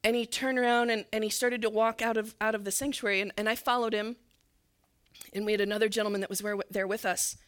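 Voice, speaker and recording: A woman church leader telling a story in a sermon, earnest and sometimes dropping to a soft near-whisper. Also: on the high side, flat delivery, fast talker, clear, resonant tone.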